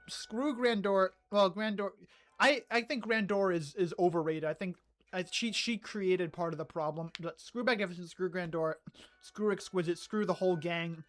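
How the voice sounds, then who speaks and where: A chatty streamer rants about a favorite topic in a casual livestream. The delivery is excitable, full of stammered restarts and quick asides, in a mid-pitched voice. Quiet music plays faintly behind. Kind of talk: casual livestream chat reading comments.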